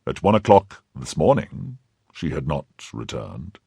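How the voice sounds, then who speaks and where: A man voicing a powerful older cardinal who questions in a measured, probing way and commands quietly. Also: very deep voice, big pitch swings, creaky, slightly rough, no room sound, clean studio sound, full character voice. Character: powerful older male cardinal, cold, calculating.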